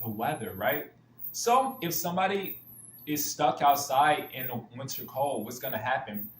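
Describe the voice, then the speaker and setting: A man's voice: mid-range voice, expressive, moderate pace, fairly bright tone. Man, earnest spiritual talk, restarts and stock phrases, roomy echo, faint background hum. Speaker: spiritual speaker. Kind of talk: spiritual talk with Bible stories.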